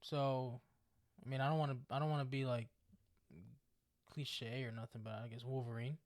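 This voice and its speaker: A young man co-hosting a podcast in casual chat, quick and chatty, often restarting his sentences. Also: medium pitch, level tone, dry recording. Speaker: podcast co-host.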